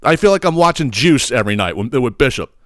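A man hosting a podcast, ranting with crude humor and open exasperation. His voice is smooth and resonant, swinging widely in pitch, and the recording is dry and close. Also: sing-song, fast talker, fairly bright tone, dry recording. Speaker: podcast host. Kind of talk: comedic rant.

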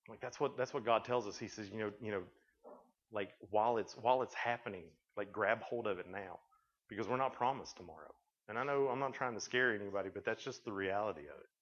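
A man's voice: lowish voice, quick pace, fairly bright tone. Man preaching in a rambling way. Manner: rambling storytelling, frequent restarts. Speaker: youth camp speaker. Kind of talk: sermon. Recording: dull lo-fi recording.

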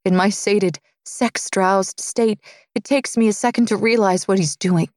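A woman narrating a romance audiobook in the first person, with a low, intimate reading. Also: steady tone, a little slow, dry recording, clean studio sound. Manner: low, intimate reading, dropping softer for his lines.

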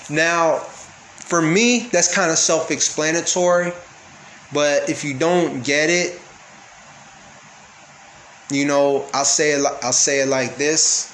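A man's voice: on the high side, slow pace, long pauses, a bit bright. A man teaching a casual Bible study, reading verses aloud and explaining them, often checking in with his listeners. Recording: echoey room with faint background noise.

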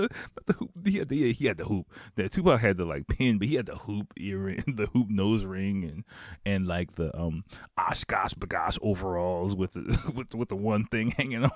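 A man's voice: on the low side, no echo, clean studio sound. A man casually telling a funny story, laughing often, acting out quotes and swearing freely. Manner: swears a lot.

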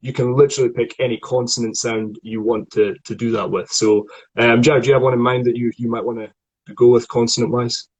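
A husky-voiced man leading a vocal warm-up lesson. He explains each exercise, counts out the repetitions and demonstrates the sounds at a mid pitch. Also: little pitch movement, fairly quick, poor audio. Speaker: voice coach.

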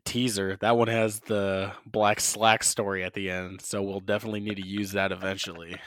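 A man's voice: low-pitched, little pitch movement, moderate pace, a bit bright. Rambling, casual podcast man. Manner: rambling storyteller, swears casually. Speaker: podcast co-host. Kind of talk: casual chat.

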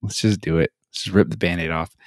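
Gravelly low-voiced man, halting. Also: steady tone, dry recording, studio quality. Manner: halting, self-conscious, many restarts. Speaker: podcast co-host. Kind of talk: casual chat.

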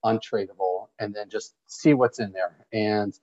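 A man's voice: lowish voice, steady tone, measured pace, a little mellow. A man co-hosting a casual podcast chat, laid-back and offhand, who swears freely. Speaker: podcast co-host. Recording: dull lo-fi remote audio.

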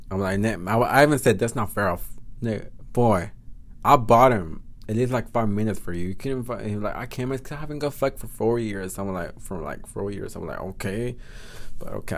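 A man with a Spanish accent hosting a podcast, telling a story in a blunt, profane, chatty way. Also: lowish voice. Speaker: podcast host. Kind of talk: casual storytelling monologue.

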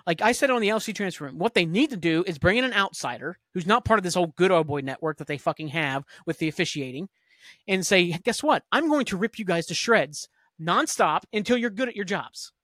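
Angry high-voiced man ranting profanely. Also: pushed and bright, no echo, clean studio sound. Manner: profane, heated, fast-talking rant. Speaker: sports talk podcast host.

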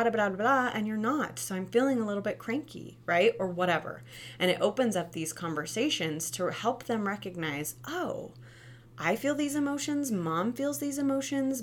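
A young woman talking earnestly about parenting as a mother, chatty and tagging her points with "right?". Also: mid-range voice. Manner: earnest, chatty, frequent "right?" tag questions. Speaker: mother sharing parenting advice. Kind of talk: casual monologue.

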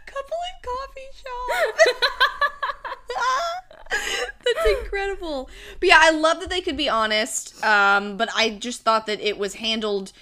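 A young woman chatting as co-host on a casual podcast, animated and laughing easily. Her voice is bright and a bit high, and it jumps up into squeals when something amuses her. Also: unhurried. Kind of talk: casual chat recapping a sitcom.

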